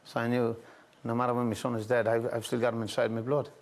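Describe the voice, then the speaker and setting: Gravelly Irish man, halting storyteller. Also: medium pitch, flat delivery. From Ireland. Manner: halting, repetitive, lots of "I said" and restarts. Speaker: talk show guest. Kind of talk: emotional storytelling on a chat show.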